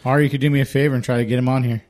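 Male podcast host, middle pitch, short profane reactions, easygoing. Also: level tone, racing, a little mellow. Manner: short reactions, laughs and swears a lot. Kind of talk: casual chat.

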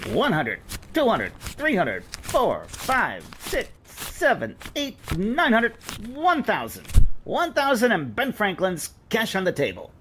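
A man's voice: huge pitch swings, takes it slowly, fairly bright tone, a little hiss or hum, heavily acted. A man as Looney Louie, New York pawnbroker. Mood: wisecracking. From Queens, New York. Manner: haggling, street-smart, swinging pitch. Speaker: pawn shop owner.

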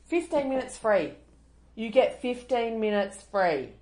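A woman's voice: a little high, big pitch swings, unhurried, darkish tone. A middle-aged Australian woman co-hosting a casual chat, ranting in exasperation and swearing freely. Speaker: podcast co-host.

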